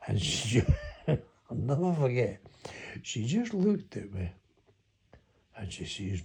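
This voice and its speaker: A man's voice: lowish voice, big pitch swings, slow pace, creaky, pauses often, a little mellow, breathy edge. An older man with a Scottish accent telling a rambling, folksy story from his past. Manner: rambling, folksy, chuckling as he recalls. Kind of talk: reminiscing monologue.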